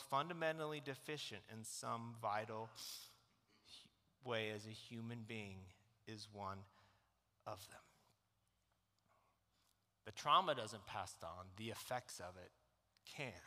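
A man's voice: medium pitch, pushed and bright. A middle-aged man preaching a sermon as pastor, telling a personal story in an earnest, openly emotional way. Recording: long hall reverb.

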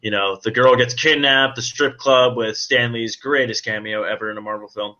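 An excitable man chatting casually on a podcast, his voice very bright and sharp. He keeps breaking into high squealing impressions of scenes, and the recording sounds dull and lo-fi. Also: normal speed. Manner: excitable, acts out movie lines in a high squealing voice. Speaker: podcast co-host. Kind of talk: casual chat.

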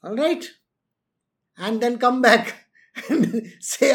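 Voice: mid-range voice, very slow, fairly bright tone. A spiritual teacher giving a lecture on renunciation, laughing often and acting out quotes.

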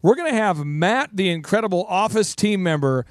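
A man's voice: sits high, animated, moderate pace, dry recording. A middle-aged man hosting a casual talk show, telling stories with laughter and restarted sentences. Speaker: host.

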